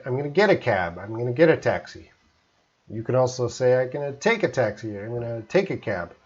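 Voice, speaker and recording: A Canadian man teaching English in a live stream, relaxed, explaining slowly with simple examples. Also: medium pitch, highs cut off.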